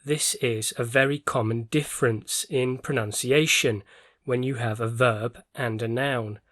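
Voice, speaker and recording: A man teaching English vocabulary in a scripted lesson, explaining words clearly and carefully with attention to stress. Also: mid-range voice, fairly even intonation, a little slow, fairly bright tone, no room sound.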